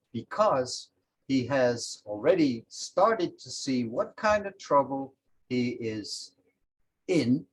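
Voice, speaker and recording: Man teaching language through a folk tale; slow, careful delivery. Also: mid-range voice, slight background noise, rough recording. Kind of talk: storytelling with line-by-line translation.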